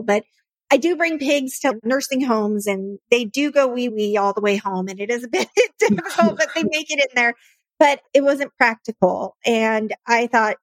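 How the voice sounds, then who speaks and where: A woman's voice: on the high side, dry recording. A woman founder telling her personal story in a podcast interview, earnest and emotional. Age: adult, married. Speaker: nonprofit founder and guest.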